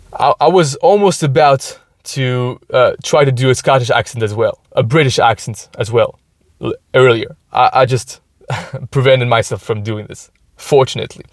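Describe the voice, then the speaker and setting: A man's voice: medium pitch, moderate pace, no echo, clean studio sound. A man hosting a podcast, explaining things casually with many restarts, talking from inside a hot car. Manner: explaining, thinking aloud with restarts. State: overheated. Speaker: podcast host. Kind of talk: casual solo podcast talk.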